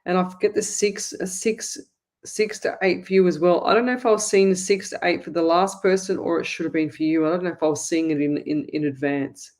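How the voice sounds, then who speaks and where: A woman's voice: lowish voice, fairly even intonation, a little fast, a little mellow. A woman hosting a live psychic reading show, talking to viewers in a rambling, chatty way with many restarts. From Australia. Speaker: psychic medium host.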